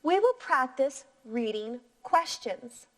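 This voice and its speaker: A woman teacher reading a picture book aloud to young children in a clear, encouraging voice. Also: sits high, animated, a bit bright. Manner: slow, clear, encouraging teacher voice with sing-song inflection.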